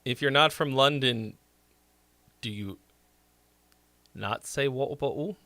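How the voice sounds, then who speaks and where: A man's voice: medium pitch, slow, pushed and bright, no room sound. A man chatting casually on a live stream, swearing freely and joking as he rambles. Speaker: streamer and song critic.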